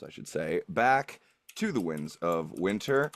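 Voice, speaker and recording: Low, lively game master. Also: male voice, takes it slowly, no room sound, studio quality. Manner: animated, laughing, swears casually. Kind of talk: tabletop game recap and chat.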